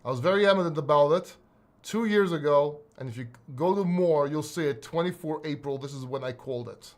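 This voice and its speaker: Talking in a brisk, slightly high voice, a middle-aged crypto YouTuber from Greece chats casually on his own in a video, blunt and profane, wandering along and restarting his thoughts.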